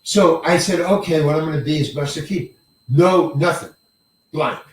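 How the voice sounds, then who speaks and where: An older man, a working actor, telling stories in an interview in an animated way, acting out the lines of others and swearing casually. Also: on the high side, moderate pace. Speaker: actor guest. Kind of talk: storytelling interview. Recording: echoey room, mic far off.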